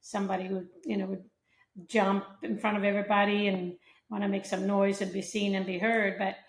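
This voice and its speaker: A woman's voice: mid-range voice, little pitch movement, brisk. A woman from Sweden, answering interview questions modestly and with hesitant fillers. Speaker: guest, professional golfer. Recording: echoey room.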